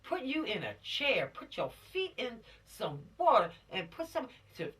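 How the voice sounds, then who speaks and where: A woman lectures teenagers on the law in a folksy, scolding tone. Her bright voice swings widely in pitch. She sounds a little distant from the microphone. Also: wildly swooping pitch, unhurried. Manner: folksy, admonishing, preachy. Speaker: police officer teaching law to teens. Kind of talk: informal law lesson to teens.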